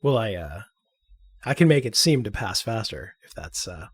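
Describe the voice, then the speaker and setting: A man's voice: on the low side, very animated, moderate pace, breathy edge, no echo. A man playing a character in a tabletop role-playing game, polite and hesitant, stumbling over his words. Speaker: player.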